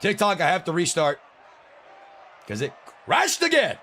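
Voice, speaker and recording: A man's voice: high voice, huge pitch swings, measured pace, a bit bright. Young man ranting on a game stream. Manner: ranting, frustrated, swears a lot. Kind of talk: live gameplay stream chat.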